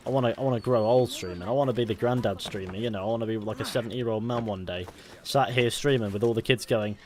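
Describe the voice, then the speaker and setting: A young man chatting casually through a live game stream into a headset, rambling, restarting his sentences and getting excited. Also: lowish voice, quick pace, few pauses.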